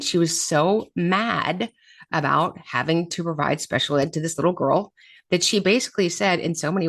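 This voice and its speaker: A woman's voice: sits low, vocal fry, no echo. A woman hosting a podcast on special education, telling a story from a meeting in a direct and emphatic way. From Florida. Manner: direct, emphatic straight talk.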